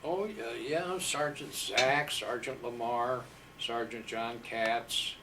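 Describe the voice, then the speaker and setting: An older man from Iowa, a war veteran, unhurriedly recounting his service with fillers and pauses. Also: medium pitch, pushed and bright, distant mic, a little hiss or hum, low-quality recording. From Iowa, USA. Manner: unhurried, humble storyteller with fillers. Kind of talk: storytelling interview.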